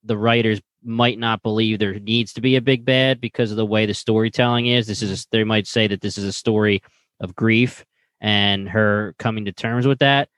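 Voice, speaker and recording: Male podcast co-host, earnest opinions, lowish voice, dry sound. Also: steady tone, moderate pace, fairly bright tone, no echo. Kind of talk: casual chat.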